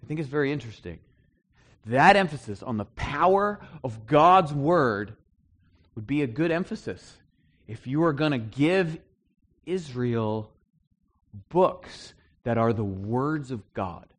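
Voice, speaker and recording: A little slow and medium in pitch, a middle-aged pastor's voice carries a conversational sermon through a church hall. He teaches plainly to the congregation but turns animated and emphatic at points.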